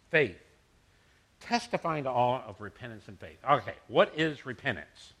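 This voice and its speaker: A man's voice: medium pitch, expressive, normal speed, fairly bright tone. A middle-aged man, a pastor, preaching a conversational sermon and mixing scripture with personal stories.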